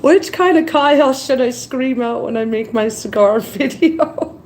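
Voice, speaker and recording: A woman's voice: on the high side, measured pace, a little mellow, slight background noise, rough recording. A tired woman hosting a casual live stream, rambling between topics and reading viewer comments aloud. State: tired after crying.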